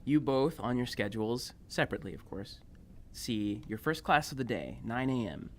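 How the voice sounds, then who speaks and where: A man's voice: medium pitch, animated, moderate pace, a little hiss or hum. A man narrating a tabletop game as game master, loose and rambling with fillers.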